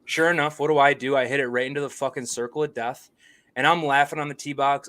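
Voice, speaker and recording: A young man co-hosting a casual golf podcast, telling stories in an excitable way, swearing freely and acting out what people said. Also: mid-range voice, quick pace. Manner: excitable storyteller, swears freely, acts out quotes. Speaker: podcast co-host.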